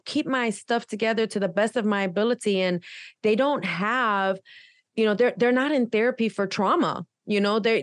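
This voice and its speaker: A woman in her forties, a guest telling a personal story in an animated, emphatic way. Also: no room sound, clean studio sound. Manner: animated, emphatic, jumps high when quoting herself.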